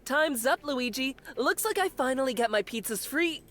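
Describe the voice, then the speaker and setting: A woman's voice: high voice, animated, moderate pace, fairly bright tone. A woman voicing a brash, aggressive female detective in a video game, with blunt, clipped, threatening talk. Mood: tough.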